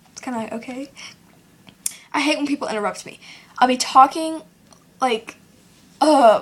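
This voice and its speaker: A teenage girl with a high voice talks straight into her own camera at home. She rambles casually through her complaints, piling up fillers and acting out what other people say. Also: breathy edge. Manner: rambling, filler-heavy, acts out quoted people. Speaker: vlogger. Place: at home, seated in a chair. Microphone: self-recorded camera.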